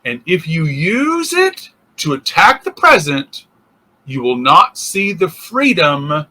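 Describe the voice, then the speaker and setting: Bright, high-voiced man teaching casually. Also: sing-song, slow pace. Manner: thinking aloud with restarts and acted-out inner voices. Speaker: interfaith minister. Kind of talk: casual spiritual teaching talk.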